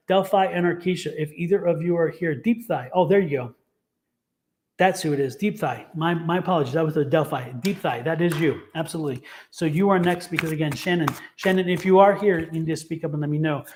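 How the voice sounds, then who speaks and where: A man's voice: on the high side, a little fast, darkish tone. A man doing a livestream tarot reading, talking enthusiastically in a rambling way and laughing often. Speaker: tarot reader.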